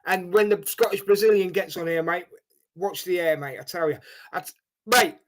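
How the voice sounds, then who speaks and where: A man hosting a live football watchalong, reacting with animated exasperation and calling everyone "mate". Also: sits high, moderate pace. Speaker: watchalong host.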